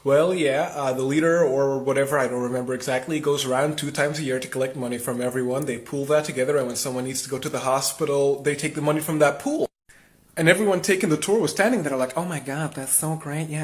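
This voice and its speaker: A man from Europe telling a travel anecdote to camera in a relaxed, matter-of-fact way. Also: mid-range voice. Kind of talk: casual storytelling to camera.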